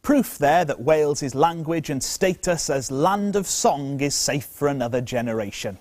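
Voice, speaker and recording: A man narrates in a measured, lightly wry tone, his voice sitting a little high. The recording is close and dry, with no room around it. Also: expressive, a little mellow, dry recording. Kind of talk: scripted narration.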